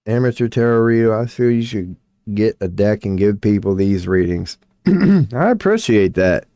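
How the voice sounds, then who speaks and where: Rambling man with a hoarse voice. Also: on the low side, animated, normal speed, mellow, no echo. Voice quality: voice going hoarse from long streams. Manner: rambling, swears casually, laughs often, reads chat aloud. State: hoarse, clearing throat. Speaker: streamer doing tarot readings. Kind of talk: casual live-stream chat.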